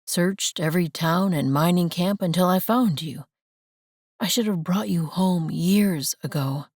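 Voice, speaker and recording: A woman reading the part of a remorseful young man in an audiobook, voicing him low and soft. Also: a little slow, dry recording, studio quality. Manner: low, soft-spoken, heartfelt.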